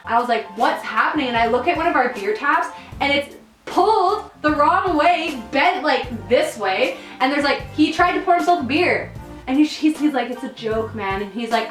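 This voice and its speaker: A woman's voice: sits high, normal speed, fairly bright tone. A woman co-hosting a podcast, telling work stories in a casual, profane, laughing way. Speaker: podcast co-host. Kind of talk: casual storytelling chat. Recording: echoey room, distant mic, faint music.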